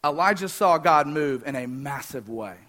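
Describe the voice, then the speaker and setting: A man preaching a sermon, fast-talking, energetic and joking with the congregation. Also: fairly high pitch. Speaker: pastor.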